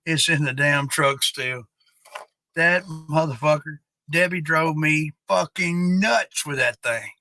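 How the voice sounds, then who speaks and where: A man's voice: on the high side, pushed and bright, dry recording. A man hosting a casual live stream, rambling and swearing freely as he chats with viewers. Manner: rambling, profane, drawn-out.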